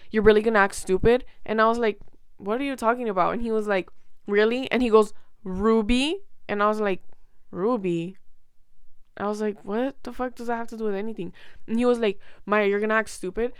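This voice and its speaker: A young woman tells a story to her camera in loose, animated chat, piling up fillers and acting out both sides of a conversation. Her voice is clear and smooth and sits a little high. The sound is close and dry, with no room echo. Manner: animated, rambling, heavy on fillers and quoted dialogue. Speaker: vlogger.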